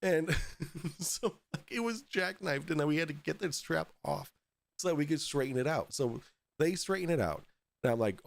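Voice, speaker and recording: A man's voice: a little high, expressive, normal speed, creaky. A man hosting a podcast, telling a story in a casual, profane way, often laughing through it. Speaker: podcast host.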